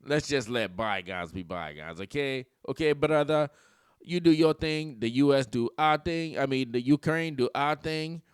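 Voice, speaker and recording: A man's voice: mid-range voice, very animated, takes it slowly, fairly bright tone, clear, resonant tone, no room sound, studio quality. A man putting on a mocking impression of a foreign male president, pleading in laid-back slang.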